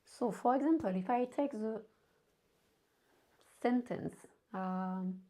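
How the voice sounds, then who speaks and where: A French woman with a French accent teaching a language lesson, speaking slowly and carefully and repeating example sentences. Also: fairly high pitch, mellow.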